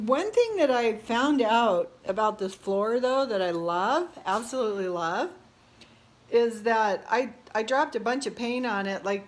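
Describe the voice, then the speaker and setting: A middle-aged woman talking casually to her phone camera during a home remodel, tired and burnt out, rambling with frequent laughs and exasperated asides. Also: medium pitch. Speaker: realtor remodeling her own house. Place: house under renovation, indoors. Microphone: phone camera held by speaker.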